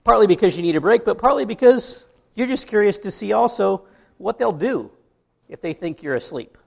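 A middle-aged American pastor gives a relaxed, talky sermon at normal speed, his voice a touch higher than most men's with a gravelly edge. He keeps adding asides and asking the congregation rhetorical questions.

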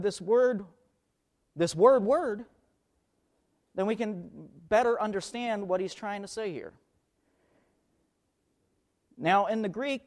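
A man's voice: sits high, darkish tone. A man preaching a sermon, who leans hard on key words, repeats them, and thinks aloud while hunting for verses.

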